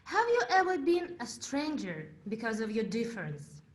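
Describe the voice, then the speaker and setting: A young Uzbek woman whose native language is Russian delivers a prepared English contest speech, telling her story with dramatic pauses. Her voice is on the high side and swings enormously in pitch.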